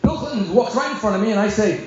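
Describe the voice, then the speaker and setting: A man, a rabbi, telling a comic, self-mocking story to an audience with sharp timing. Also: sits high, animated, fast, crowd noise. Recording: echoey hall, dull sound.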